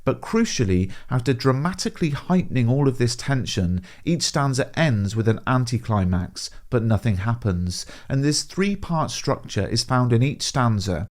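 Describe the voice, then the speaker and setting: Man giving a measured poetry lesson. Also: mid-range voice, big pitch swings. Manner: clear, measured explaining with stressed key words. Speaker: English teacher. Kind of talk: scripted revision lesson.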